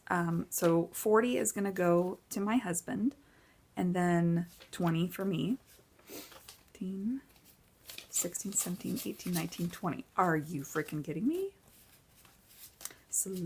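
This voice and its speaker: A woman's voice: on the low side, a little mellow, slightly rough. A woman in her forties chatting casually and upbeat while she counts cash into budget envelopes, tired from little sleep. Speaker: budgeting vlogger.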